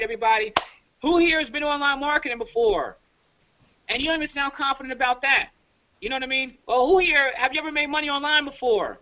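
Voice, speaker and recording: Talking fast and with emphasis, a high-voiced, bright-sounding leadership coach from New York guides his team across a lo-fi, dull-sounding video call. He keeps pausing to ask "all right?"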